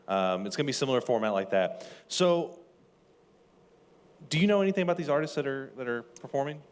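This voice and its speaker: A man's voice: mid-range voice, lively intonation, fairly quick, clear, resonant tone. A man co-hosting a live podcast at a music venue, ribbing a guest in a casual, dry way. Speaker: podcast co-host. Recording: live venue with long reverb.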